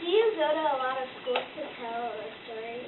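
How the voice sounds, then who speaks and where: A young third-grade girl reporter who reads her questions shyly and haltingly in a school library. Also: high-pitched. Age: child, third grader. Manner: shy, halting, giggly. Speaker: student reporter. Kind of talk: reading interview questions. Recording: tinny, distant, echoey and noisy.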